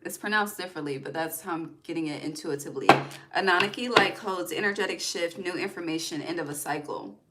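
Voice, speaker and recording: A young woman, a tarot reader, gives a casual spiritual card reading in a fairly low, slightly fast voice that is bright and forceful, with a little hiss or hum behind it. She is emotional and often near tears, swears freely, and keeps checking in with "okay" and "all right."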